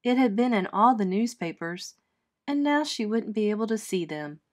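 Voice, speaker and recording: A woman teacher reading a children's chapter book aloud with clear, expressive storytelling. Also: mid-range voice, moderate pace.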